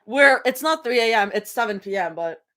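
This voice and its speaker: Young woman on a livestream in her bedroom, kinda high voice, giggly and rambly, yells when she gets excited. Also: brisk. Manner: chatty, giggly, rambling, bursts into excited yelling. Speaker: fanfic livestream reader. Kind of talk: casual livestream chat.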